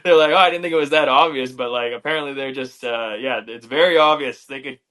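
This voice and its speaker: A young man from Canada with a Canadian accent, a fighter answering interview questions in a relaxed, hesitant way. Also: medium pitch, quick pace. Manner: relaxed, hesitant, many "like" fillers. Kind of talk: casual interview chat.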